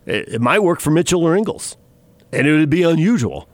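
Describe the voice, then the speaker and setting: A man's voice: fairly high pitch, sing-song, fairly quick, no room sound. Man hosting sports radio in a dry studio. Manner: chatty, teasing, laughs often. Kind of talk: sports radio chat and news update.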